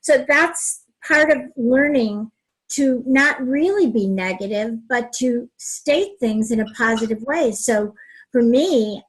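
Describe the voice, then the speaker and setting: A woman's voice: fairly high pitch, animated, slow, husky, low-quality recording. A woman who works as a couples therapist, talking animatedly in a casual advice chat and acting out example phrases.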